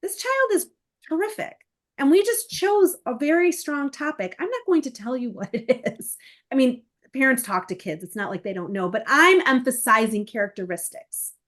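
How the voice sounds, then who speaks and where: A middle-aged woman who coaches essay writing answers interview questions, animatedly walking through her process and acting out the emails and parents she quotes. Her voice sits high and moves at a normal speed.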